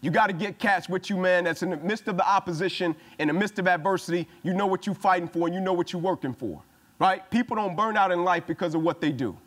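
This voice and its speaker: A man's voice: high voice, quick pace, a bit bright. A man giving a punchy, emphatic motivational speech to a football team, repeating his phrases for emphasis. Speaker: motivational speaker.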